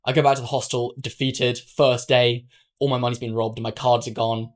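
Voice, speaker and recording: A man's voice: medium pitch, little pitch movement, normal speed. A young man from London, a podcast co-host, telling a travel mishap story in casual chat and acting out the dialogue. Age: young adult.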